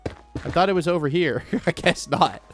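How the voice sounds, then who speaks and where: A man's voice: fairly high pitch, normal speed. Jokey young man narrating his gameplay. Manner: chatty, jokey, easily startled, repeats phrases. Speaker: let's play gamer. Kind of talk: casual gameplay commentary.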